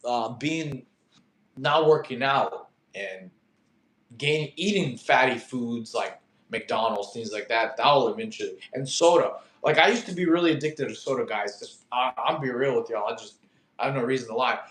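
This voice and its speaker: A young man hosting a casual fitness livestream and answering viewer questions, animated and slangy, telling stories and calling listeners bro and dude. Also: mid-range voice, moderate pace, echoey room.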